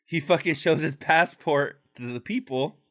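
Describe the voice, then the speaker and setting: This is a male podcast co-host with a slightly higher voice who tells stories in loose, profane slang. He keeps the talk animated and jumps into high put-on voices whenever he quotes someone. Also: normal speed. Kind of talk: casual storytelling chat.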